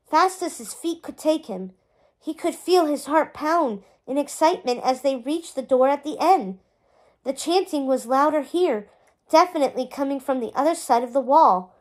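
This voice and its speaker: High-voiced woman reading a storybook. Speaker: storybook reader. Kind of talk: chapter book read-aloud.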